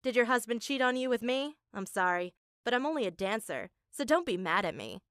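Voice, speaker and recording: A woman voicing a breezy adult female dancer who speaks in a lower, casual, apologetic voice in an animated story. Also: brisk, dry recording, clean studio sound.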